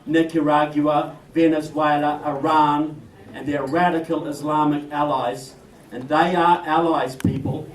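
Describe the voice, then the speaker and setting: A man with a New Zealand accent giving an emphatic political speech to an audience, joking and calling them folks. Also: on the high side. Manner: emphatic, jokey, addresses crowd as folks. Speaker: guest speaker. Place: indoor event room. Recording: distant roomy mic with crowd.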